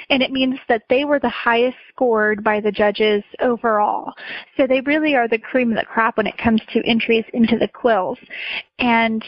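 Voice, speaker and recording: Higher-voiced woman on a podcast. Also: no echo, highs cut off. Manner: friendly, with frequent ums and small laughs. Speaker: association president, interview guest. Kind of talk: casual podcast interview.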